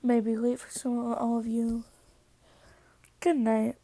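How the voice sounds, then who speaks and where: A woman's voice: a little high, little pitch movement, slow pace, warm tone. A tired woman casually retelling a fan story, rambling with "so" and "yeah" as she goes.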